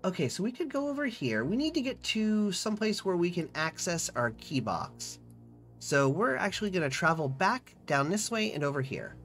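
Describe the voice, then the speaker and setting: Over soft background music, this streamer's mid-range voice sounds very animated and a little bright. The fantasy game's narration gets a dramatic reading, followed by quick, casual chatter about which choices to make.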